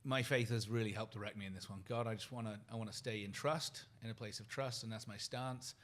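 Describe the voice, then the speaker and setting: A British man in his forties, a podcast guest speaking in an earnest, soft-spoken and reflective way. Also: lowish voice, steady tone, a little fast. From United Kingdom. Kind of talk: reflective interview conversation.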